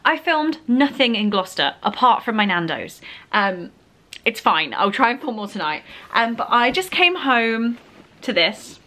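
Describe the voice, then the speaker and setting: A woman's voice: on the high side, measured pace. A young woman, gushing as she opens birthday presents in a casual vlog. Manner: gushing, excitable, squeals with delight. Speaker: book vlogger.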